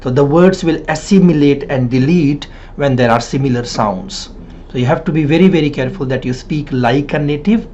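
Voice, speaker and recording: A man's voice: fairly high pitch, fairly quick, warm tone, slight background noise. Direction: Hindi-man coaching, emphatic. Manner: emphatic, repeats points, frequent tag "right?". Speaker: PTE and IELTS trainer. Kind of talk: spoken exam-coaching lesson. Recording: slightly dull lo-fi sound.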